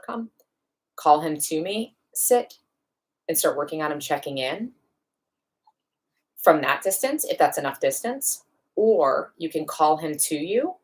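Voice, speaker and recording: A woman with a low voice talks through dog training in a live question-and-answer session. She explains practical steps one by one and briefly acts out little exchanges as she goes. Her delivery is plain and instructive. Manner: practical, explains step by step with quick acted-out asides. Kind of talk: live online Q&A lesson.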